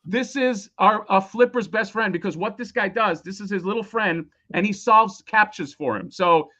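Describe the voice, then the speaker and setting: A man's voice: high-pitched, normal speed, bright, forceful tone. A man losing his voice, rambling casually and swearing a lot while explaining a toy on a live stream. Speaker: toy designer presenting a crowdfunding campaign.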